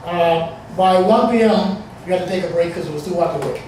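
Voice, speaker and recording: A man's voice: high-pitched, fairly quick, darkish tone, a little hiss or hum. A man in his forties from the Bahamas telling a personal story to an audience in a loose, rambling way with many fillers. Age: 40s. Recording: echoey room, distant mic.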